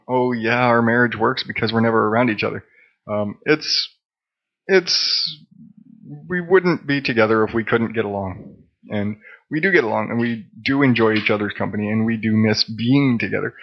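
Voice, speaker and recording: A man's voice: mid-range voice, dull audio. Rambling, profane man hosting a podcast. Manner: rambling, profane, self-deprecating. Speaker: podcast host. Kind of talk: casual solo monologue.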